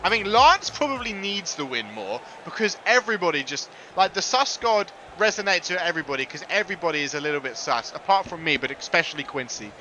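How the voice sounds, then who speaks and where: Excitable, high-voiced male wrestling commentator. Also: quick pace, hardly any pauses, soft background music, poor audio. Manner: excitable, jokey, bursts into shouted ring introductions. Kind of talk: live play-by-play commentary.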